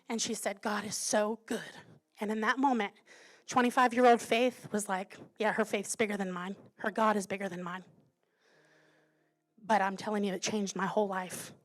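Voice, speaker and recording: A woman in her thirties preaches from the pulpit, her voice sitting a little high. She tells a personal story with earnest, quiet care, then builds to strong, emphatic declarations. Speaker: pastor. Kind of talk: sermon.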